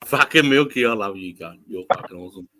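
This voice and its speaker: A man's voice: lowish voice, animated, fast, bright, forceful tone, a little hiss or hum, rough recording. An Australian man in crude, laughing banter on a live stream, telling stories and swearing affectionately. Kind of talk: casual banter and storytelling.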